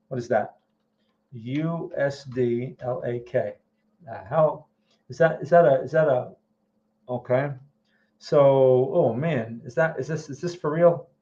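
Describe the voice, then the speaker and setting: This man's voice sits at medium pitch with a slightly mellow quality, captured in lo-fi sound. Hosting a relaxed trading livestream, he studies charts while fielding questions from viewers, frequently saying "okay" and "all right."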